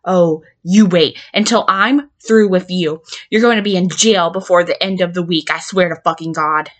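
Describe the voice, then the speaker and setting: A woman's voice: fairly low pitch, steady tone, moderate pace, lightly acted. A woman playing a volatile patient who blackmails her therapist, stammering and swearing as she swings between threats and pleading in an audio drama monologue. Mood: furious, threatening.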